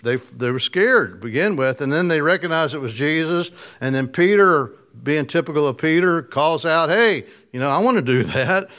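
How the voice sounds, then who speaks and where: A man's voice: a little high, expressive, normal speed, few pauses, a bit bright. A man preaching a casual, conversational sermon, chuckling often and putting questions to his listeners. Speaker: pastor.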